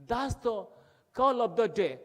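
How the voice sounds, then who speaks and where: A man's voice: very high-pitched, big pitch swings, a little slow, a bit bright. A man from Odisha with an Odia-accented Indian English, giving an impassioned, rhetorical conference speech full of repetition. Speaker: conference speaker.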